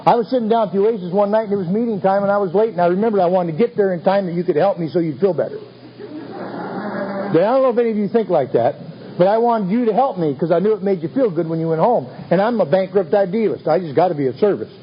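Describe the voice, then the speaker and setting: A man's voice: high voice, lively intonation, fast. A man telling his recovery story to a meeting in a wry, self-mocking, folksy way. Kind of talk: humorous storytelling talk. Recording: dull lo-fi recording with faint ambience.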